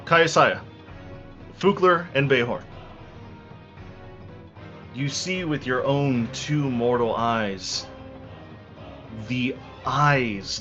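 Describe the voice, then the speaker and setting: A man running a tabletop game as game master, narrating dramatically and slowing down for effect, with frequent restarts. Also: mid-range voice, sharp tone. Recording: dull lo-fi recording, faint music.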